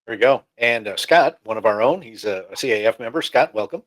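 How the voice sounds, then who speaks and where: Fast-talking male show host. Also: medium pitch, animated, fairly bright tone, low-quality recording. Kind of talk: hosting a panel interview.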